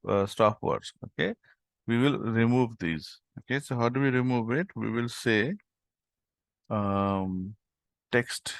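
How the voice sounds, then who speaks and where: A man walks through a programming tutorial at an unhurried pace, talking his way through each step as he types. His voice is gravelly, recorded close and dry with no room around it, and he fills the gaps with okay and um. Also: mid-range voice, no room sound. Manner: thinks aloud while typing, many fillers like okay and um. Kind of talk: screen-recorded coding lesson.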